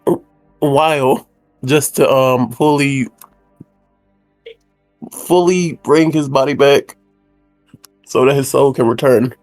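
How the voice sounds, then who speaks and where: A man playing in a tabletop game, talking in a hesitant, halting way. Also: mid-range voice, a little mellow, no echo, soft background music, poor audio. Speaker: player. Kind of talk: tabletop role-play chat.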